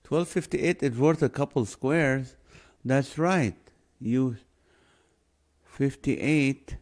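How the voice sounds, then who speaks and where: This livestream host speaks very slowly in a medium-pitched, slightly mellow voice. Playful and joking, he runs a guessing game and reads aloud each viewer's name and number guess.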